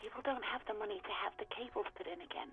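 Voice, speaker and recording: A woman's voice: mid-range voice, very fast, faint music behind. An actress voicing a guarded young woman on a phone call in a video game, heard through a telephone filter. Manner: guarded, reluctant answers. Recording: tinny phone line.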